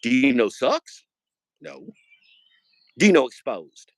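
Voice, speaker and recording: A man chats loosely on his live stream in a gravelly voice. He wanders, jokes and restarts his sentences. The sound is dry and close, with no room tone. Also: medium pitch, very animated, slow pace, no room sound. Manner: rambling, joking, trails off and restarts. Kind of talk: rambling casual live stream chat.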